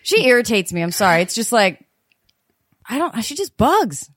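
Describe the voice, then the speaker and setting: A woman's voice: fairly high pitch, very animated, moderate pace, no echo, studio quality. A woman co-hosting a true crime podcast, talking bluntly and with plenty of profanity. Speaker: podcast co-host.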